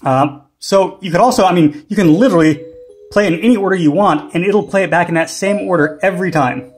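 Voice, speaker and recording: A man with a husky, slightly breathy voice sitting a little high in his range walks through a synth feature in a relaxed tutorial. He talks unhurriedly, trailing into ums and restarting phrases as he thinks aloud. Faint synth notes play behind him. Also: brisk, soft background music. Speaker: music gear tutorial host. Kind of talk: casual instructional demo.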